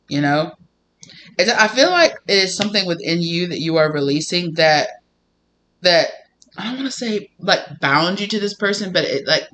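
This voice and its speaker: A man giving a casual tarot reading to camera, animated and emphatic, often breaking into laughter. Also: fairly high pitch, a little hiss or hum. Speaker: tarot reader.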